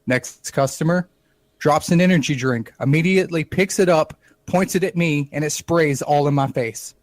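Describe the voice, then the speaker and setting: A man co-hosting a podcast, telling a comic story in a wry, animated way and acting out the dialogue. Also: on the high side, normal speed, no room sound. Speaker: podcast co-host.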